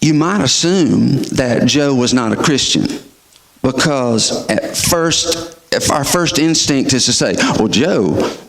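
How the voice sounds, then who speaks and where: A man's voice: mid-range voice, animated, slow pace, creaky, fairly bright tone. A middle-aged male pastor who preaches a sermon and asks his listeners emphatic questions. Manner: emphatic, rhetorical questioning of the audience.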